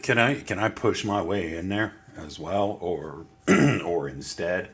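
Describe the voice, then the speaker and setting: A man's voice: low voice, measured pace, fairly bright tone, breathy edge. A man playing in an online tabletop game, wry and grumbling. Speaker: player. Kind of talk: casual chat in a tabletop game. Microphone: video call.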